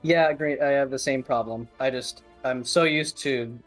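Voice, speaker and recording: A man's voice: medium pitch, normal speed, soft background music. Joking, foul-mouthed male gamer. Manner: joking, profane, rambling. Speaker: streamer playing a fighting game. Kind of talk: casual gaming chat.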